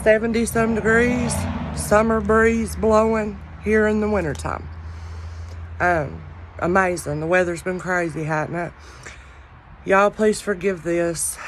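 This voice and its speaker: A woman with a long, deep Southern drawl talks to her viewers in a loud voice that carries. She speaks slowly and folksily, sprinkling in y'all, while a faint breeze and outdoor noise sit behind her. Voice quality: loud, carrying voice. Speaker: online jewelry reseller. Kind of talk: casual chat to viewers.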